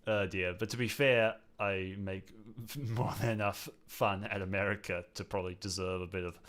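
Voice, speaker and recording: An Australian man runs a relaxed live chat, breaking into laughter often. He reads viewers' comments aloud and keeps the talk rambling and friendly. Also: low voice, normal speed. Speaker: show host. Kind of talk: casual livestream chat.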